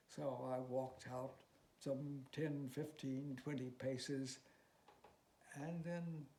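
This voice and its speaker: A man voicing a proud, aging male tightrope walker who bursts out in anger and then confesses in a halting, hushed way. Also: a little high. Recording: roomy echo, faint noise.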